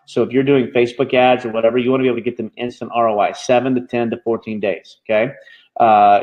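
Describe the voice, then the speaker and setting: A man teaching a live online marketing class, talking quickly and checking in with his students every few phrases. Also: mid-range voice, muffled recording. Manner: fast-talking, constantly checking in with "okay?". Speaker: marketing bootcamp instructor.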